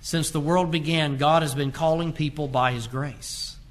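A man preaching a sermon as pastor, reading scripture aloud and moving between forceful emphasis and low, quiet delivery. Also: steady tone, normal speed, slight background noise. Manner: emphatic preaching, reads scripture aloud in King James wording; rises in force on key phrases, drops low and quiet on others.

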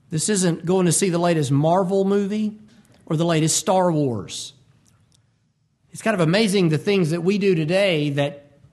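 A man preaching an expository sermon, animated and acting out quotes. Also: sits high. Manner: animated, acts out voices and quotes.

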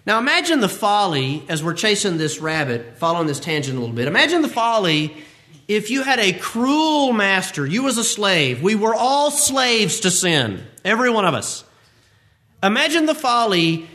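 Guy preaching a sermon, high voice, hammers the same phrases over and over. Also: sing-song, moderate pace, pushed and bright. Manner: emphatic, repeats phrases for effect.

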